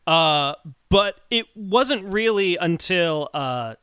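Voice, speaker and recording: Brief: high, bright male co-host, wry and analytical, dry close mic. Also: expressive, takes it slowly, clear, resonant tone, no room sound. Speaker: podcast co-host. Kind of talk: casual chat.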